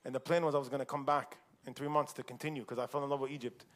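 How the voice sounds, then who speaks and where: A man's voice: mid-range voice, level tone, racing, a bit bright. A man from the United States telling a personal story in a casual, chatty way at a community forum, laughing often.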